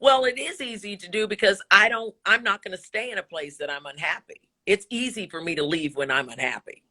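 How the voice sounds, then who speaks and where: A woman's voice: mid-range voice, brisk, sharp tone. A woman in her sixties, a broadcaster and voice actor, talking candidly and emphatically in an interview, preaching motivation and swearing freely.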